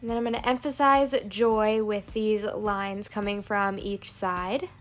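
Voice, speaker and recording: A woman narrating a plan-with-me planner video, calmly explaining each crafting step. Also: medium pitch, a little slow. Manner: calm step-by-step crafting walkthrough. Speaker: planner vlogger. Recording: soft background music.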